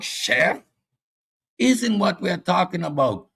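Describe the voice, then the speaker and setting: A man's voice: medium pitch, expressive, measured pace, pauses often, husky. A man with a Caribbean accent hosting a combative philosophy monologue, boastful and mocking toward his audience. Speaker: host.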